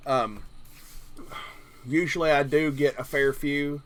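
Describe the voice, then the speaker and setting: A man's voice: a little high, steady tone, takes it slowly, pauses often, fairly bright tone. A man from Kentucky with a Southern drawl, hosting a casual live stream and rambling along jokingly with lots of fillers. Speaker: livestream host.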